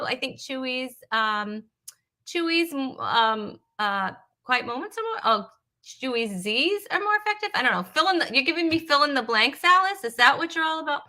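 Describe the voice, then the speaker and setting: A woman's voice: high voice, animated, normal speed, pushed and bright. A woman from Rhode Island hosting a live comedy web show, chatting casually, joking and greeting viewers by name with self-deprecating asides. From Rhode Island, USA. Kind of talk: casual live-stream chat.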